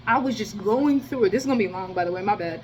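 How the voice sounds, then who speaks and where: A woman in the middle of a loose storytime monologue, tripping over restarts and swearing freely. Her voice sits at an ordinary pitch and leaps in loudness when she gets worked up. A faint hum of room ambience runs behind her. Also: fast talker, low-quality recording. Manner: rambling, slangy and profane, with many restarts; animated, with sudden jumps in loudness. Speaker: storyteller vlogger.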